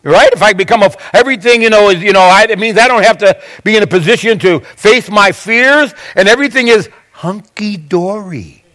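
A man's voice: high-pitched, brisk, hardly any pauses, fairly bright tone. A male pastor preaching a sermon, acting out Bible quotes with frequent restarts.

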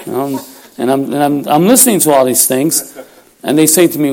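Speaking at a normal speed with a warm, medium-pitched voice, a fifty-something Puerto Rican-heritage lay preacher prays before telling stories about himself in church. His sermon is folksy and self-deprecating, and he laughs often while talking.

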